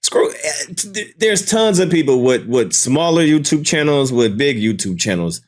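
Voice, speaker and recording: A man's voice: a little high, big pitch swings, moderate pace. A man reacting to clips with casual, dismissive commentary, amused and blunt. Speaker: commentary host.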